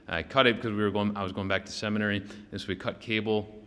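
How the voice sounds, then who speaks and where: A male pastor delivers a sermon loosely and conversationally, often checking in with the congregation, restarting sentences, and using fillers. His lowish voice is steady, fairly bright, and clean, and he talks fast, with the long reverb of a large hall around him.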